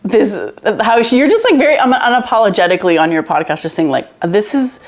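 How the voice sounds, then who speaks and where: A woman's voice: medium pitch, lively intonation, fast. An upbeat woman hosts a podcast in a casual conversation. She talks in a chatty way and often restarts her sentences mid-thought. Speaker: podcast host. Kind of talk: casual chat.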